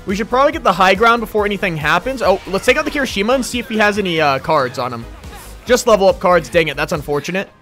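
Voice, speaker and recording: A man commentating his own gameplay while sick and losing his voice, excitable and hoarse, repeating short calls as he plays. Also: high-pitched, faint music behind. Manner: excitable, quick reactions, repeats short phrases. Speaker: gaming YouTuber.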